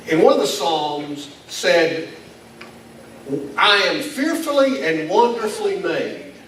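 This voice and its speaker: Speaking on the high side with a fairly bright tone, a man preaches a homespun, conversational sermon, laughing at himself and chuckling occasionally. The congregation gathers in a school building, and the far-off mic picks up hall echo and faint noise.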